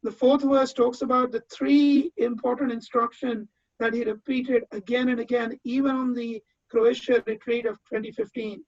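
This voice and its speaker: A man's voice: extremely high pitch, little pitch movement, moderate pace, a little mellow, no echo. A man giving a heartfelt tribute speech as a disciple, telling personal memories earnestly, often restarting his phrases. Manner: earnest, with frequent repeated starts. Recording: dull, dry lo-fi sound.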